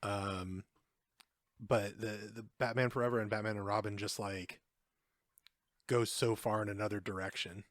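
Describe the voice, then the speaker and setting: Male podcast co-host, lowish pitch, relaxed dry wit, dry close mic. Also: normal speed, pauses often, no echo. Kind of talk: casual chat.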